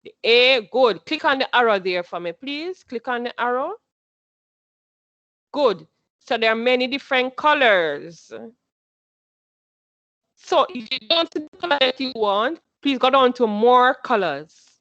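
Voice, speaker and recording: A woman's voice: on the high side, lively intonation, a little slow, pauses often, fairly bright tone, dry recording, lo-fi sound. A woman teaching a class, patient, who repeats her instructions and quizzes her students as she goes.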